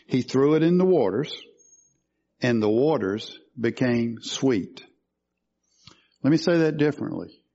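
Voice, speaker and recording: A man's voice: medium pitch, expressive, a little slow, pauses often, warm tone, muffled recording. A man preaching a sermon, teaching through scripture and asking questions of his listeners. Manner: teaching, asks questions of the congregation.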